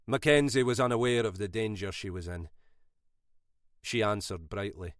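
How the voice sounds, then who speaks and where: A man narrating a thriller audiobook in a measured, unhurried way. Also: fairly low pitch, dry recording, clean studio sound.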